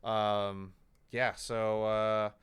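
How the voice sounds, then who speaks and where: A man's voice: on the low side, flat delivery, very slow, fairly bright tone, clear, resonant tone. A young man co-hosting a podcast in casual chat, loose and profane, acting out conversations as he tells them. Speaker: podcast co-host.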